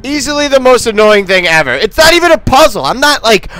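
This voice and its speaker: A man's voice: high-pitched, big pitch swings, normal speed, hardly any pauses, pushed and bright, soft background music. A man commentating on his gameplay in a casual, frustrated and sarcastic way, swearing often. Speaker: let's play commentator.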